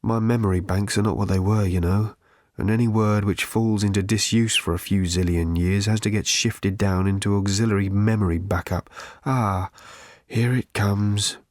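A male narrator voicing an ancient, rusted, gloomy robot with a croaking, hollow rattle, speaking slowly and self-pityingly. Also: on the low side, steady tone, darkish tone, no room sound, clean studio sound, close to an everyday voice. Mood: weary. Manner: slow, mournful, self-pitying.

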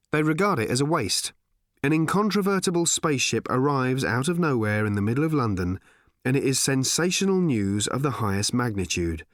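Male audiobook narrator, wry expressive reading, lively pitch, dry close studio sound. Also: no echo. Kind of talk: scripted narration.

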